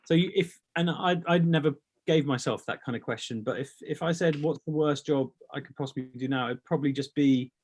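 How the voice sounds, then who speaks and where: A man's voice: fairly high pitch, a little fast, few pauses, a little mellow. Rambling man telling stories. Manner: rambling, repeats words, swears casually. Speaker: brand founder, guest. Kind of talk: casual storytelling interview.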